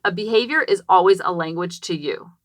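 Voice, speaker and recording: A woman in her thirties hosting a parenting podcast from a small closet, telling a personal story in an animated, chatty way and acting out quotes, with many "like" fillers. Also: fairly low pitch, a little fast, no room sound. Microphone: podcast microphone.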